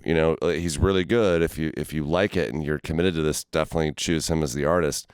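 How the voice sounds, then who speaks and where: A man hosting an interview, telling stories in a loose, profane, animated way. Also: a bass voice, fast talker, smooth, dry recording, studio quality. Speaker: interview host. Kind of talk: casual conversation.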